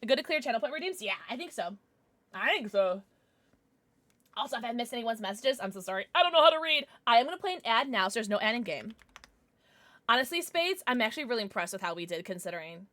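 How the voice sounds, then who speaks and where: Chatting casually with her viewers while streaming a game, a young woman is blunt, irritable and swears. Her voice is fairly high and bright with lively intonation, she talks fast, and there's no echo.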